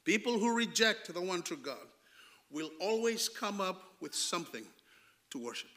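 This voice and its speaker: A man with a high, very bright and ringing voice preaches a storytelling sermon. He swings between hushed, drawn-out lines and loud, emphatic bursts, and often asks his listeners rhetorical questions. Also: big pitch swings. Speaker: pastor.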